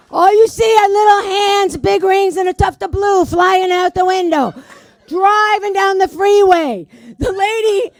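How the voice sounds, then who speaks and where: A woman's voice: very high voice, dry recording. A woman doing stand-up, telling old jokes in a brash manner and swearing at the audience. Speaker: stand-up comedian. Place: community arts center stage.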